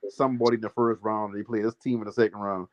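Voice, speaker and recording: A man in a casual sports chat, animated and slangy. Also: on the low side, fast talker, crowd noise. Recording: dry, dull lo-fi audio.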